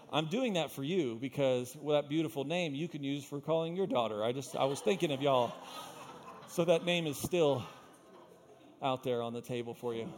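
A young adult man preaching a sermon as pastor, telling stories with loud bursts and quiet asides. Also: medium pitch. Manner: animated storytelling, swinging between loud bursts and quiet asides.

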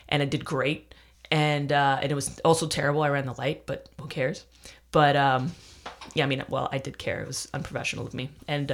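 Rambling, profane comedian podcaster. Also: medium pitch. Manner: profane, rambling, with frequent restarts; self-deprecating and emphatic. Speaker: stand-up comedian. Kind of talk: casual rambling podcast monologue.

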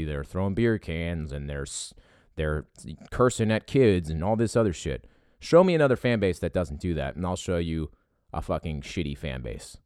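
A man's voice: sits low, darkish tone, dry recording, clean studio sound. A man from Philadelphia with a Philadelphia accent, delivering a profane, heated opinion rant about sports fans.

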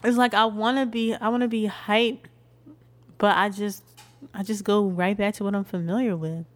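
A woman's voice: mid-range voice, fairly even intonation, normal speed. Laid-back young woman podcast co-host. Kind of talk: casual chat.

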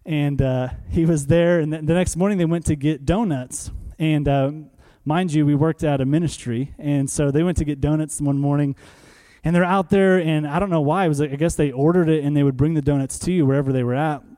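Conversational preacher with a mellow voice. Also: male voice, fairly high pitch, fairly even intonation, fairly quick. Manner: conversational, asks the room questions and answers them; repeats key phrases for emphasis. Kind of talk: sermon.

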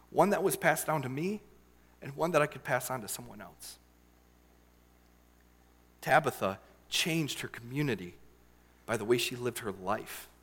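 A man's voice: mid-range voice, a bit bright, husky. Earnest young man preaching in a hall. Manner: earnest, emotional, with many fillers and pauses. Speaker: youth leader giving a sermon. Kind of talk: personal story sermon.

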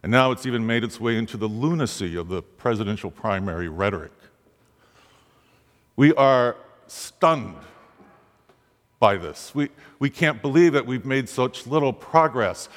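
Delivering a dramatic sermon at normal speed, this man sounds animated, his voice climbing sharply whenever he voices a pleading question. A long reverb from the hall hangs over the recording.

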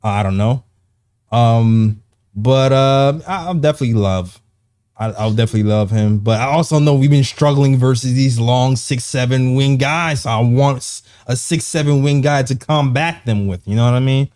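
A man's voice: medium pitch, normal speed, darkish tone. A man hosting a basketball show, talking in a loose, rambling way and laughing easily. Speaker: podcast host. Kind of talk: casual basketball chat.

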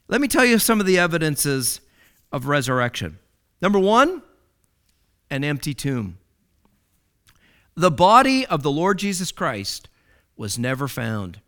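High, animated male preacher. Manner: dramatic, sweeping swings from loud to hushed; repeats key phrases for emphasis. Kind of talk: sermon.

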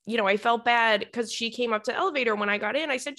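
Fast and sharp-toned, with a fairly high pitch, a young woman tells her viewers funny stories to camera. She chatters away, laughing often, cursing freely, and peppering everything with "girl" and "like".

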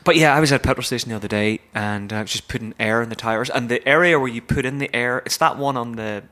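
A man's voice: medium pitch, fast, bright, forceful tone. A man co-hosting a podcast, telling a self-deprecating story in casual chat. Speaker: podcast co-host.

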